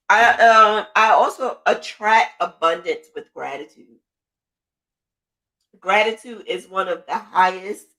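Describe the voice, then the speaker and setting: A woman hosting a podcast in a casual monologue. She talks in a chatty, motivational way with frequent fillers, and her voice jumps up in excitement when she quotes her own thoughts. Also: mid-range voice. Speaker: podcast host.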